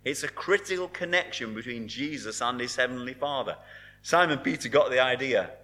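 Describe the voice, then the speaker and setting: A man delivering a sermon in an earnest preaching manner, dropping his voice softly on key words. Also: mid-range voice, expressive, moderate pace.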